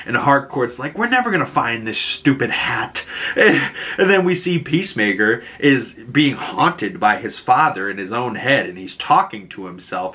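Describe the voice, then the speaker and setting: A man with a Boston accent casually recapping a TV episode, laughing often and acting out characters' lines in quick bursts. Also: on the low side, bright, forceful tone. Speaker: show recap host.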